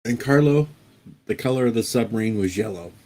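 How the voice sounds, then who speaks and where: A man hosting a livestream, chatting casually with a guest and his viewers in a relaxed, jokey way and stumbling into his sentences. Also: lowish voice, a little fast. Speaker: livestream host. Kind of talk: casual chat.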